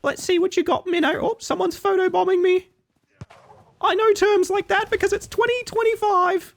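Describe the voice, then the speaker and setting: A man voicing a starving Victorian street urchin who begs in a high, whiny voice and claims to be forty-five despite his tiny size. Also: steady tone, moderate pace, gravelly, fairly bright tone, exaggerated voice. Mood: pleading. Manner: high squeaky begging whine.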